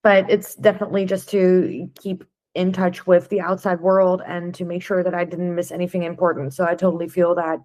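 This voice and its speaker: A woman's voice: lowish voice, a little mellow. A woman hosting a podcast, asking curious, conversational questions of her guest. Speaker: podcast host. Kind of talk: casual interview chat.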